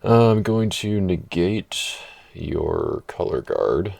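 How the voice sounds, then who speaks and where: A man's voice: low voice, very animated, very slow, gravelly, a little mellow, no echo. A man hosting a channel, chatting casually and thinking aloud through a card game with many fillers. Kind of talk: casual gameplay chat. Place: playing an online card match.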